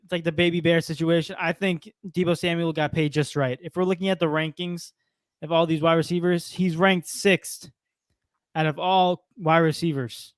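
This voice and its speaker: A young man co-hosting a sports show, talking through contracts and stats in a relaxed way. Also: fairly high pitch, moderate pace, no room sound, clean studio sound. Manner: relaxed, lists stats and numbers. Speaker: podcast co-host. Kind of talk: casual sports talk.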